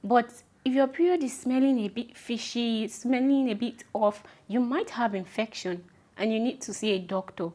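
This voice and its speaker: A woman's voice: fairly high pitch, moderate pace, warm tone. Chatty Nigerian woman giving advice. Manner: chatty, affectionate, repeats instructions emphatically. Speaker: vlogger. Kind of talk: casual advice talk to camera.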